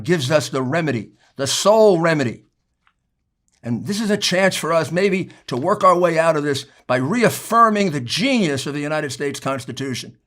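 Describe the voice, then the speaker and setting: A man giving a political speech, emphatic and building to forceful outbursts. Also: a little high. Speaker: speaker addressing lawmakers.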